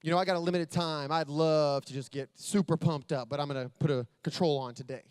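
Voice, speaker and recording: Male keynote speaker, high-pitched and excitable, dry close mic, storytelling that ramps up to big energy. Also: a little fast, clean tone, no room sound. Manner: builds to loud excited storytelling. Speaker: motivational speaker. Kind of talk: motivational keynote speech. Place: convention stage.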